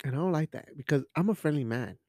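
Gravelly, joking podcast host. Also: male voice, a little high, expressive, quick pace, a little mellow, no echo, studio quality. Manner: profane, joking, rambling, mixes in Spanish phrases. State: drinking beer while talking. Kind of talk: casual solo podcast chat.

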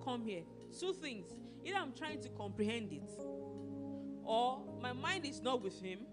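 Woman pastor, lively preacher, acts out arguments, soft music underneath. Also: fairly high pitch, moderate pace. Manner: animated, acts out quarrels and asks the congregation questions. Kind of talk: sermon.

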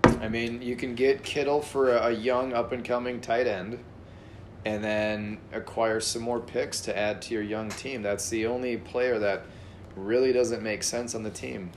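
A man's voice: medium pitch, little pitch movement, unhurried, a little hiss or hum. A man co-hosting a casual fantasy football chat, answering with short playful quips. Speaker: co-host.

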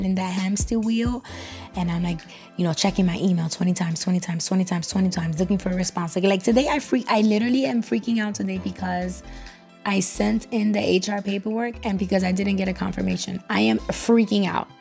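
A woman's voice: mid-range voice, normal speed, vocal fry, darkish tone, soft background music. A woman hosting a solo podcast, talking frankly and confidingly, swearing casually and quoting her own self-talk. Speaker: podcast host. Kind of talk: candid solo podcast monologue.

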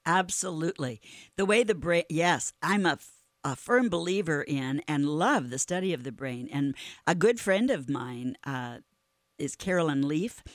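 Effusive woman interviewer, lowish voice. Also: lively intonation, normal speed, no room sound, studio quality. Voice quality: trained voice. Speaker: interview host. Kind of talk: casual faith-based interview.

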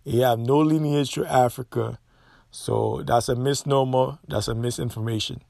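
A Haitian man whose first language is Haitian Creole, giving his views to viewers in a casual monologue. He explains slowly and often restarts his phrases. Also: medium pitch, steady tone, creaky, mellow, no room sound, clean studio sound. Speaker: commentator sharing his view.

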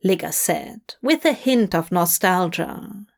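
A woman narrating a fan audiobook in a measured storytelling voice. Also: fairly low pitch, expressive, vocal fry.

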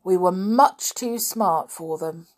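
A woman's voice: fairly low pitch, slow pace. A woman voicing a cheerful, confident young boy in a children's storybook.

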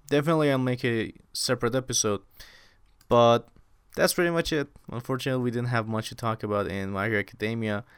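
A man's voice: medium pitch, clean tone, dry recording. A young man hosting a casual solo podcast, talking with enthusiasm and rambling, repeating words for emphasis. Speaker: podcast host.

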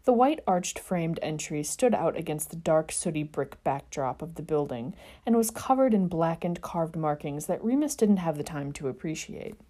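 A woman's voice: low voice, expressive, moderate pace, warm tone. A woman podcast host reading fan fiction aloud and chatting with wry, dry asides. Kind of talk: narrated fan fiction reading and casual chat.

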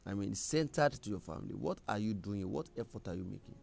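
A man preaching a sermon, emphatic, with a gravelly voice. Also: on the low side, lively intonation, quick pace. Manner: emphatic, rising to loud scripture reading.

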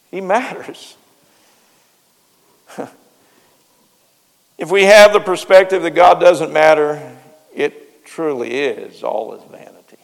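Male pastor preaching sunday sermon, goes soft then loud, big church reverb. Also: medium pitch. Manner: repeats phrases for emphasis, swings between soft and loud. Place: church sanctuary. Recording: long hall reverb.

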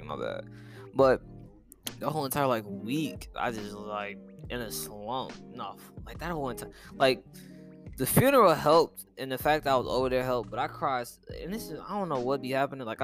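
A young man telling a personal story in a rambling, halting way, full of slang and swearing and often trailing off quietly. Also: mid-range voice, animated, soft background music. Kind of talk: casual storytelling monologue.

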